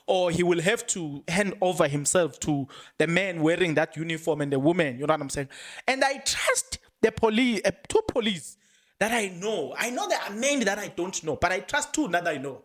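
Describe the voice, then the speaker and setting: Animated South African man, lively pitch. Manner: animated, laughing, mixing Zulu phrases into English. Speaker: podcast host. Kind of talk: excited commentary on a court case.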